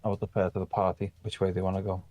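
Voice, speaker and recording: A man's voice: low voice, level tone, racing, a little mellow. Blunt man at a game table. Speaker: player. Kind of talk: casual tabletop play.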